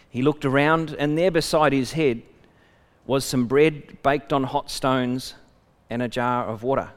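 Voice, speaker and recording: A man's voice: a little high, steady tone, normal speed, in a large hall. A man preaching a sermon, reading a scripture passage aloud and breaking off for conversational asides to the congregation.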